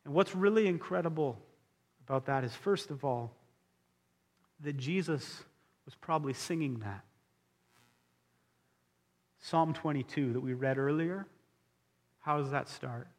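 A male pastor preaching with earnest emphasis, his voice sitting a little high for a man. The sound rings with a long reverb from a large church hall. He leans on key phrases and repeats them. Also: a little slow, long pauses. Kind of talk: sermon.

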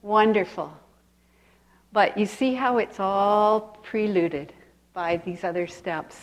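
A woman delivering a sermon at an unhurried pace. She talks in a conversational way and stops often to put questions to her listeners. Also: medium pitch. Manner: asks the audience questions, conversational. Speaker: preacher. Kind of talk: sermon, teaching.

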